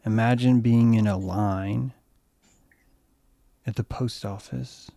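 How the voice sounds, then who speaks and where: A man co-hosting a podcast, talking in a loose, excitable way with a lot of swearing and repeated words. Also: lowish voice, slow, gravelly, no room sound. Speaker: podcast co-host. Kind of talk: casual conversation.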